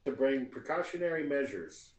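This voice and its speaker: A man's voice: mid-range voice, very animated, normal speed, close to an everyday voice. A man voicing a firm male city guard officer in a tabletop role-play, delivering stern, officious warnings. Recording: roomy echo.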